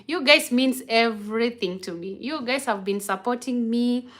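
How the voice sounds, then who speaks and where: A woman's voice: a little high, moderate pace. Effusive young woman chatting on a live stream. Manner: warm, effusive, thanking viewers by name. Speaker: vlog host doing a live stream. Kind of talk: casual live-stream chat with viewers. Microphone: phone camera.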